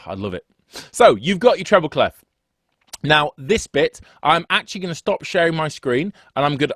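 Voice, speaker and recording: Teaching music theory over a video call, a man chats away, puts himself down playfully, and slips into asides. He uses a desk microphone at a home setup with two screens. His medium-pitched voice is a little bright, and the recording is clean, studio-like, with no room sound.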